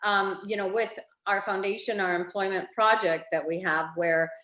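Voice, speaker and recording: Soft-spoken woman in an echoey room. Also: medium pitch, fairly even intonation, normal speed. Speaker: foundation leader, roundtable moderator. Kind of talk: webinar roundtable storytelling. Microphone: video call.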